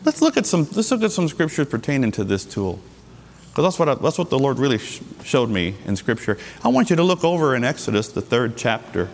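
A middle-aged male pastor preaching a sermon, emphatic, with sudden jumps in pitch and slowed, stressed words. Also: big pitch swings, in a large hall, slight background noise.

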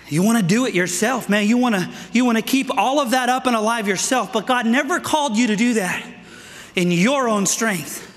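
A middle-aged man preaching a sermon to men, energetic and out of breath, calling for amens. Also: very high-pitched. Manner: energetic, calls for amens, asks "right?". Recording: echoey hall with long reverb.

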